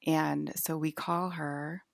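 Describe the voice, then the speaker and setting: This vlogger is a woman with a low-pitched, creaky voice who speaks slowly and in a level tone. Rambling casually from her bedroom, she relies heavily on "like" as filler. The recording is dry and of studio quality.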